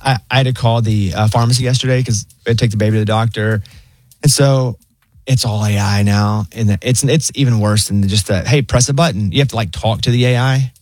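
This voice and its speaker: A young adult man co-hosting a casual chat show, telling stories in an animated way and acting out voices. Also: fairly low pitch, a little fast, no echo. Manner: animated storyteller, acts out a chill robot voice. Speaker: co-host.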